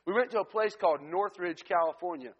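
Speaking fast in a high, breathy voice, a man shares an earnest testimony as a missionary preacher, frequently starting his sentences over. The church sanctuary gives a long hall reverb, and the highs in the recording are cut off.

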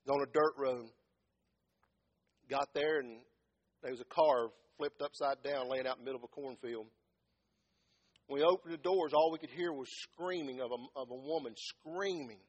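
A man preaching a sermon as pastor, swinging from loud impassioned calls down to low quiet words. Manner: impassioned, rising to shouts and dropping low.

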